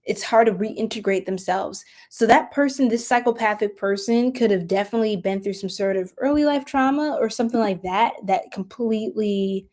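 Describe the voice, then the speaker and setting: A young adult woman giving a casual tarot reading, chatty, laughing often and dropping into soft whispers. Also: medium pitch, moderate pace, hardly any pauses. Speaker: tarot reader.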